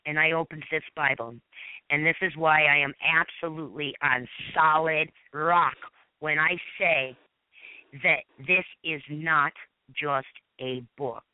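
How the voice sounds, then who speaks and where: A woman's voice: deep voice, steady tone, dry recording. A woman from Massachusetts giving a fervent personal testimony as a guest panelist and reading scripture aloud, sometimes stumbling and restarting. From Massachusetts, USA. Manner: earnest, fervent, with halting restarts. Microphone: phone call. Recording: tinny phone line on internet radio.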